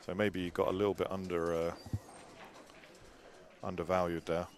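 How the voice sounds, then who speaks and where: A man doing live pool commentary in a chatty way, with dry asides and a habit of trailing off softly. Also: deep voice, level tone, moderate pace. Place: pool hall. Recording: live venue with crowd noise. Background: crowd chatter.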